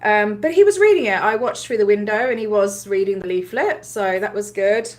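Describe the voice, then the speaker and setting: A woman casually telling a story on a livestream, animated, laughing often, with many ums and likes as she acts out what others said. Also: medium pitch, a little fast. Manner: acts out other people's lines while retelling. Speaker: livestream host recounting a protest.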